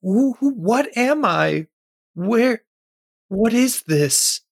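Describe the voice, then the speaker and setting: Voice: medium pitch, lively intonation, creaky, pitched above the performer's own voice, heavily acted. A tabletop player voicing a confused, newly awakened being who stammers through answers. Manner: halting, stammering, bewildered. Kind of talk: tabletop role-play voicing.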